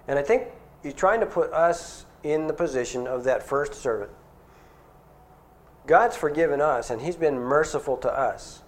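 A middle-aged man delivers a sermon at an ordinary, mid-range pitch. His preaching is earnest and conversational, and he often turns to rhetorical questions. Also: normal speed.

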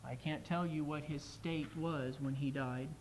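An earnest male preacher delivers a sermon with emphasis. His voice sits somewhat higher than most men's. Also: steady tone, a little slow, darkish tone, slight background noise, rough recording.

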